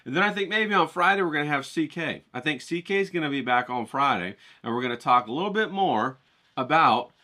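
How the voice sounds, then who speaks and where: A man's voice: on the high side, lively intonation, brisk, bright, forceful tone. A middle-aged man vlogging outdoors in a hyped, rambling way, swearing casually and talking straight to his viewers. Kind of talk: casual chatty vlog talk. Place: outdoors, cold day.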